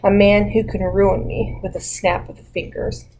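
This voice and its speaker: A woman's voice: mid-range voice, level tone, normal speed, warm tone, a little hiss or hum, lightly acted, low-quality recording. A woman voicing an older male doctor, wounded and furious, speaking in a bitter, accusing way. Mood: angry.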